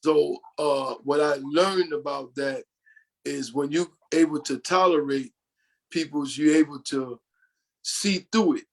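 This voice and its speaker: This podcast guest, an older man from New York, recounts sprawling family tales in an interview, regularly quoting others' words. He speaks unhurriedly in a slightly high voice with vocal fry.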